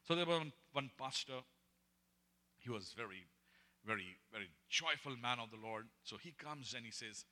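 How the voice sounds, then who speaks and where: A man preaching and telling testimony stories, swinging between hushed and loud, laughing often. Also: medium pitch, animated, normal speed, long reverb tail. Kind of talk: sermon storytelling.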